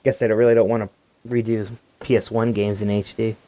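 A man's voice: lowish voice, little pitch movement, a little fast, dark tone, no room sound, highs cut off. A man co-hosting a casual gaming news podcast, laughing often and reading listener comments aloud. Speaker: podcast co-host. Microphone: headphones and desk mic.

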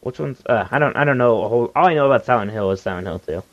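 A man's voice: medium pitch, expressive, racing, no room sound, phone-quality sound. A man co-hosting a casual gaming news podcast, laughing often and reading listener comments aloud. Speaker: podcast co-host. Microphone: headphones and desk mic.

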